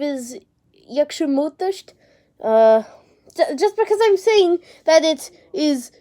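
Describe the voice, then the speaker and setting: A woman's voice: high voice, a little mellow. A young woman talking casually to camera, rambling and unsure, with casual swearing and lots of fillers. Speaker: vlogger.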